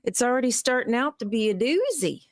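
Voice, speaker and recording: A woman's voice: on the high side, very animated, brisk. A woman co-hosting a casual livestream chat, stumbling over her words as she talks. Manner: stumbling restarts, chatty. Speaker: co-host.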